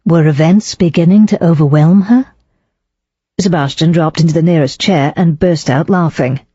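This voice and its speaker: A woman narrates a cozy mystery in a measured, storytelling voice. Her tone is mellow and slightly husky. The recording is dry and a little dull. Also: low voice, dry recording. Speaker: audiobook narrator. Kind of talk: scripted narration.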